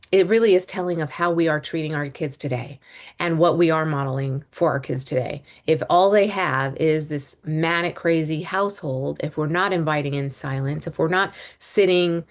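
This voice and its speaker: A woman in her thirties, a homeschooling mom and business coach, talking to listeners in a loose, rambling monologue with fillers and restarts. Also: low voice. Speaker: podcast host, business coach. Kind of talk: casual monologue.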